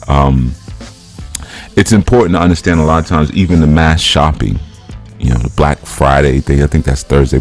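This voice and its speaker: A man's voice: very deep voice, darkish tone. A man, a spiritual teacher, giving a loose, joking, conversational talk while going through slides.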